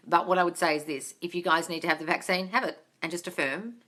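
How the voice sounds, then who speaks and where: Bright, chatty Australian woman. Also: on the low side, fairly even intonation, quick pace. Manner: chatty, calls viewers darling, swears casually. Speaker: manifestation coach host. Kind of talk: live-stream Q&A, reading comments.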